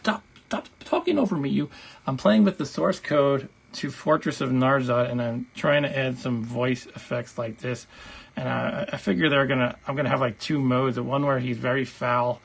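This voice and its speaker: A man's voice: mid-range voice, fairly even intonation, normal speed, creaky, breathy edge. A man hosting a retro game livestream, chatting casually in a rambling, jokey way. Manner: rambling, self-deprecating, jokey. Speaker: livestream host.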